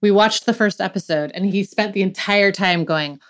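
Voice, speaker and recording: A woman's voice: mid-range voice, normal speed. A woman hosting a podcast in casual chat, blunt and profane, with many fillers. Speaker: podcast host.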